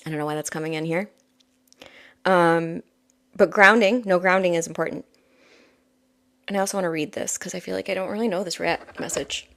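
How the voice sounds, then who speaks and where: A woman who is an intuitive healer, giving a soft, rambling spiritual reading with frequent laughs. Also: lowish voice, steady tone, brisk, long pauses. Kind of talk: casual spiritual guidance talk.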